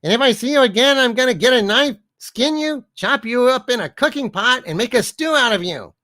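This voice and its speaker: Wisecracking sidekick guy, a man putting on the voice, super bright and swoopy, dry sound. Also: wildly swooping pitch, measured pace, dry recording, heavily acted. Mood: joke-telling. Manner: joke-telling with big pitch swings. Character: Harvey, a wisecracking male sidekick puppet.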